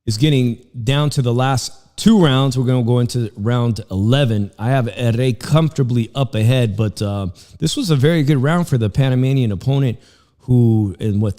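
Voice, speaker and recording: Chewing food at home, a man runs a laid-back live stream, wandering between fight commentary and chat over background music. He has a mid-range, darkish voice that sounds like it's in a large hall.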